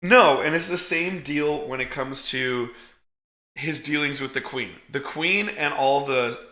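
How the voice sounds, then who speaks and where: A man co-hosting a casual movie review podcast, talking in an animated, profane way and acting out character lines as he goes. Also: medium pitch, unhurried, echoey room. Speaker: podcast co-host.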